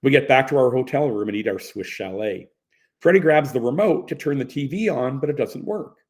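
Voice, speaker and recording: A man reading a first-person story aloud in a relaxed storytelling way. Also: mid-range voice, fairly quick. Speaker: narrator. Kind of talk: first-person audiobook narration.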